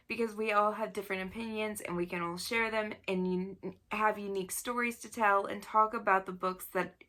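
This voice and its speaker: A woman's voice: mid-range voice, pushed and bright. A woman reviewing books in a casual video, blunt and exasperated, often breaking into laughter. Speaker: book reviewer.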